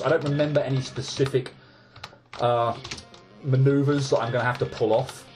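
A man's voice: mid-range voice, a little mellow. A man giving casual gameplay commentary, ranting in exasperation and stumbling over repeated restarts. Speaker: let's play gamer.

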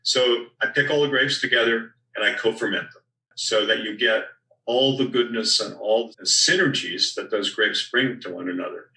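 An older man, a winemaker guest, talking in a relaxed storytelling way about vineyards and his wines. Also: on the low side, normal speed, vocal fry, reverberant, distant mic, rough recording.

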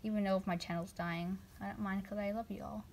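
A woman's voice: medium pitch, fairly even intonation, fast, creaky, a little mellow, slight background noise. A woman toy channel creator chatting casually and rambling a little about her videos and her viewers. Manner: chatty, rambling, self-deprecating. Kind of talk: casual vlog chat.

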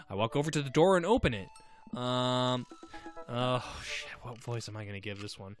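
A man narrating and joking through a dating game with goofy, animated commentary. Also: mid-range voice, normal speed, over music. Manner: goofy, animated, jokey asides. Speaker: let's play gamer. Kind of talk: gameplay commentary with read-aloud narration.

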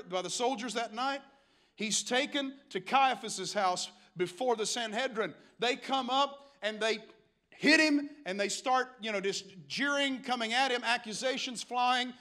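A male pastor preaching a sermon, telling the story dramatically and swinging between hushed passages and shouts. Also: extremely high pitch.

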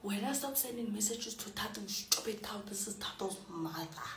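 A woman's voice: medium pitch, animated, normal speed, fairly bright tone, echoey room, pitched above the performer's own voice, natural voice. A woman voicing a fed-up middle-aged mother who scolds her child's friends in a bossy way. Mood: scolding.

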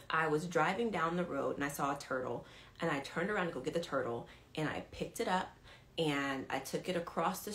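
A woman leading a live-stream devotional, telling a story to her viewers, animated and repeating key lines for emphasis. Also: sits low. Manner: talks straight to viewers, asks if they follow. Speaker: women's ministry leader.

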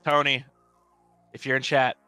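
A man's voice: mid-range voice, little pitch movement, measured pace, sharp tone, smooth, soft background music. A man chatting offhandedly with friends on a game stream. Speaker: stream co-player. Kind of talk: casual gaming chat.

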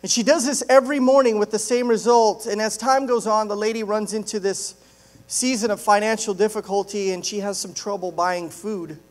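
Male pastor with a high voice, joking and chatty from the pulpit. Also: steady tone, normal speed, darkish tone. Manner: joking, conversational storytelling. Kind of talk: sermon.

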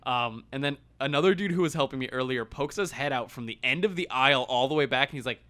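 A man's voice: mid-range voice, fast, bright, forceful tone. A man on a podcast telling a long story in a loose, casual, profane way. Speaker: podcast co-host.

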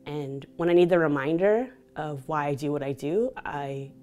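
Low-voiced woman from Vancouver, DJ interviewee, open and reflective, faint music behind. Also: normal speed, a little mellow. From Canada (Vancouver). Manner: open, reflective storytelling with frequent laughter. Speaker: interviewee, DJ and motivational speaker. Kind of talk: candid personal interview.

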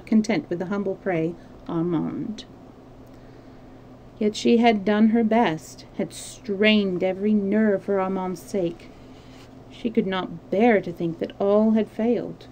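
A woman reading a novel aloud on a live stream, unhurried, with small slips she corrects as she goes. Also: medium pitch, darkish tone, slight background noise, low-quality recording. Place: home streaming setup.

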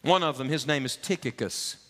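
A man's voice: medium pitch, a little fast, fairly bright tone. A male pastor preaching a sermon, storytelling and pleading with his congregation. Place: church sanctuary. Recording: reverberant church hall.

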